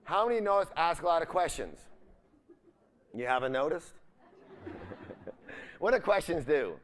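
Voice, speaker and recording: A man's voice: on the high side, big pitch swings, measured pace, slight background noise. A man giving a live seminar, full of upbeat energy, constantly asking the audience questions and leaving the ends of his sentences for them to fill in. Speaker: seminar speaker.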